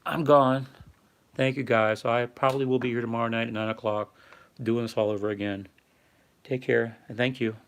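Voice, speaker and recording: A man's voice: mid-range voice, flat delivery, a little fast, clear, resonant tone. An older man hosting a casual livestream, rambling and reading viewer chat aloud with lots of fillers. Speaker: livestream host. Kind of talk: casual live-stream talk.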